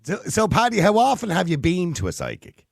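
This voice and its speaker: An Irish man hosting a radio phone-in, quick and lively, laughing often with his callers. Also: sits high, gravelly, dry recording, studio quality.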